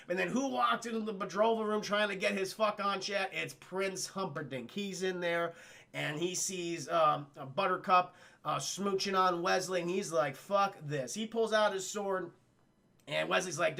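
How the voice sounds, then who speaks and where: A young man streaming a profane, comic scene-by-scene film recap to his live chat, acting out the characters' lines in quick voices. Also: high voice, vocal fry. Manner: animated, swears a lot, acts out lines in quick put-on voices.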